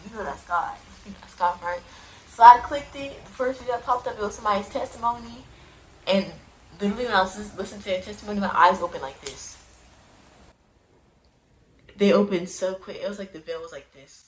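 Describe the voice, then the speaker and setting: A young woman casually telling her personal testimony into a phone, animated and prone to sudden loud outbursts, with uneven volume. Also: medium pitch, a little fast, low-quality recording. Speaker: person giving a religious testimony.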